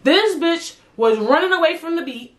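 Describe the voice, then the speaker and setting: A young woman hosting her own podcast, ranting in a blunt, profane, animated way about music and celebrities. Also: very high-pitched, normal speed. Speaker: podcast host. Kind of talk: casual solo podcast rant.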